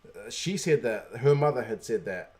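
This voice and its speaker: A man's voice: medium pitch, animated, normal speed, darkish tone. A man hosting a stream, venting in casual chat with sarcastic asides. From New Zealand. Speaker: stream host.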